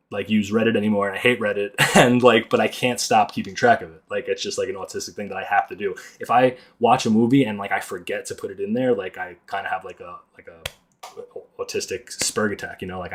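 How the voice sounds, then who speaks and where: A man with a lowish voice talking off the cuff as a podcast host. His speech wanders, peppered with filler words, and he chuckles at his own tangents. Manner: rambling, heavy on filler words, laughs at himself. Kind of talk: casual rambling monologue.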